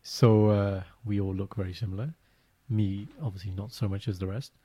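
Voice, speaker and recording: A man co-hosting a podcast, telling a story in a casual, animated way and jumping into high, exaggerated voices. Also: moderate pace, husky. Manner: animated storytelling, breaks into high mock greetings. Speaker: podcast co-host. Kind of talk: casual chat.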